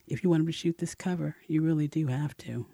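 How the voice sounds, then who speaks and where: A man's voice: fairly high pitch, fast talker, vocal fry, warm tone, no echo, clean studio sound. A man voicing a decisive, teasing female colleague in an audiobook. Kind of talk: audiobook narration.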